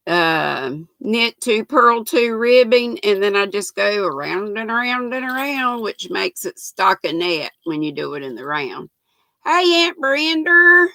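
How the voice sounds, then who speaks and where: A woman's voice: medium pitch, bright, forceful tone, dry recording, rough recording. An older woman, hosting a knitting livestream, chatting folksily and greeting viewers by name. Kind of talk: casual live chat reading comments.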